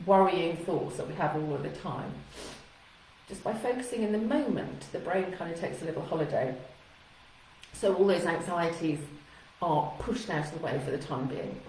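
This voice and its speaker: A woman's voice: fairly low pitch, normal speed, darkish tone, recorded from a distance. A woman speaking as a communication coach in a live talk to camera, chatty and encouraging, sometimes acting out anxious thoughts. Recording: echoey room with faint noise.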